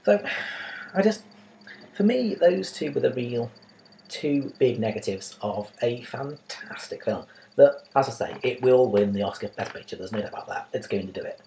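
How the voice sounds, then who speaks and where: A man's voice: medium pitch, animated, moderate pace, gravelly, warm tone, slight background noise, poor audio. A man giving a casual, opinionated spoken film review, often asking exasperated rhetorical questions.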